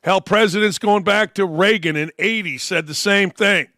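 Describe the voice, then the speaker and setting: A man's voice: sits high, normal speed, pushed and bright, no room sound, studio quality. A man hosting a sports talk show, giving blunt, sarcastic and mocking opinion commentary.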